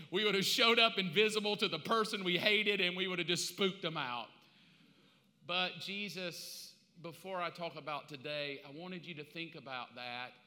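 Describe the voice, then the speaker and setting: Pastor in his fifties, slightly high voice with lots of bite, storytelling sermon in a reverberant hall. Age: 50s. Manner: animated storytelling with slangy asides. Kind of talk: casual conversational sermon. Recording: long reverb of a large hall.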